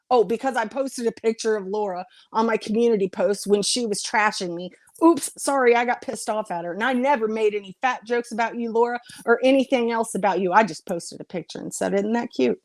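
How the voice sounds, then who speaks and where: Fired-up woman ranting at her viewers, cusses a lot, kinda high voice, dry no-echo sound. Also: darkish tone. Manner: blunt, confrontational, swears freely. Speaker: YouTuber. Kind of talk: heated vlog rant to viewers.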